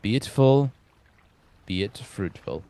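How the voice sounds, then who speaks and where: A man voices an arrogant young marquis in a tabletop role-play. He speaks in a low, very slow and formal way. The recording is close and dry. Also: lively intonation, mellow, dry recording. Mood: haughty. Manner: formal, stately, slow speech. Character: arrogant young noble marquis, haughty challenger.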